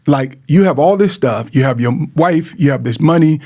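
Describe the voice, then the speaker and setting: A man's voice: on the high side, lively intonation, normal speed, warm tone. A middle-aged man from Georgia telling a personal story in an earnest, repetitive way, often calling to his listeners. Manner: earnest, repeats words, addresses listeners as man and guys. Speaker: host sharing personal story. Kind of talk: emotional personal testimony.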